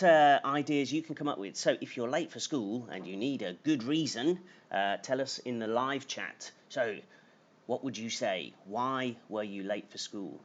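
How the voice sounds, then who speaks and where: A man teaching an English lesson on a live stream, telling a short story and reading out viewer comments in a slow, clear teaching voice. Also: mid-range voice. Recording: slightly dull lo-fi stream audio.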